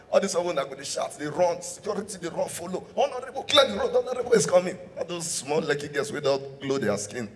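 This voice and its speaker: A man's voice: mid-range voice, a little hiss or hum. A man with a Nigerian accent performing live stand-up comedy, switching between English and Pidgin and laughing at his own jokes. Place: live show venue in a hall. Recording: hall reverb from a live stage mic.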